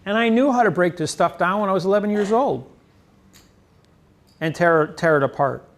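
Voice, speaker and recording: A man gives a rambling lecture and boasts as he goes, his voice gravelly with fry. He speaks a little higher than most men and leans hard on his words. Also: expressive, normal speed. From United States. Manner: boastful, emphatic, rambling self-praise. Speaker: seminar lecturer. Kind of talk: lecture on grammar.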